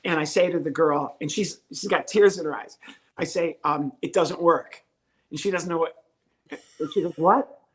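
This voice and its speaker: A man in his sixties, a comedian guest telling a lively story and acting out the voices of the people in it. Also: a little high, moderate pace. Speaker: podcast guest, comedian and ventriloquist. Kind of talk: storytelling interview.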